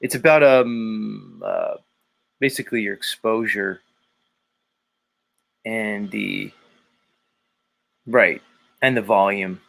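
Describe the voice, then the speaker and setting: Gravelly, crude-joking livestream host man. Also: lowish voice, takes it slowly, pauses often, fairly bright tone. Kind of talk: casual livestream chat reading comments.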